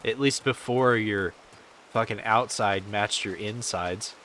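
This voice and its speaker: A man's voice: fairly low pitch, slow pace, a bit bright, a little hiss or hum. A man chatting casually on a game stream, rambling and swearing as he answers chat.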